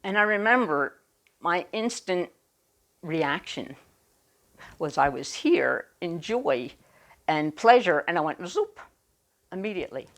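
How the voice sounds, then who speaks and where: Woman, minister, sermon, slow and deliberate, lowish voice, emphatic pauses. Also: lively intonation.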